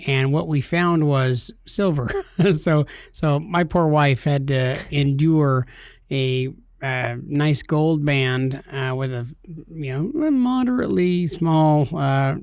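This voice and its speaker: Highish male podcast co-host, playful, dry studio sound. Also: slow, darkish tone, clear, resonant tone, no room sound. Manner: jokey storyteller, talks in bursts. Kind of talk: casual podcast chat.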